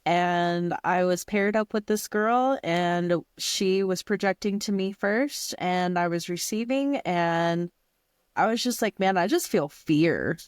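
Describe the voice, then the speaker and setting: A woman co-hosting a casual podcast chat, breezy and quick to laugh as she shares her own class stories. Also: lowish voice, clean tone, no room sound, clean studio sound. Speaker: podcast co-host.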